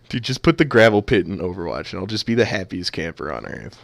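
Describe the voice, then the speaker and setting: A man's voice: fairly low pitch, huge pitch swings, moderate pace, creaky, a bit bright, no echo. A man casting a video game match live, trading playful jokes with his co-caster. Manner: joking, playful banter. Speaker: esports caster.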